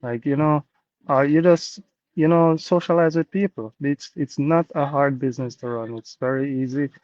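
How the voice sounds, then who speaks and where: A man's voice: on the high side, moderate pace, darkish tone, no room sound. A man from Jamaica with a Jamaican accent, a guest sharing his business story in an earnest, repetitive, motivational way on a video call. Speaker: interview guest, business owner. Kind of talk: casual testimonial talk. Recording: dull dry call audio.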